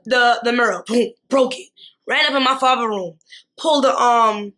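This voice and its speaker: Animated young woman telling a story. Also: high voice, fairly quick. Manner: animated, slangy, repeats tag questions. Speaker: vlogger. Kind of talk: storytime vlog.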